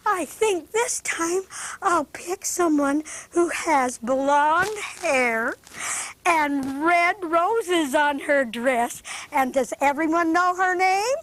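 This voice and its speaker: A woman hosting a children's show speaks in a high, bright register to a studio full of young kids. She takes things slowly and patiently, in a gentle, sing-song teacherly way. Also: expressive.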